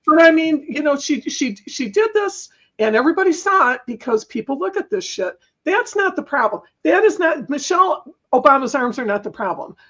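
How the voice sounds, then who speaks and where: A woman's voice: high voice, very animated, normal speed, hardly any pauses, fairly bright tone. Emphatic woman panelist, dull lo-fi sound. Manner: emphatic, apologetic asides. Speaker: panel guest. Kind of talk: casual panel chat.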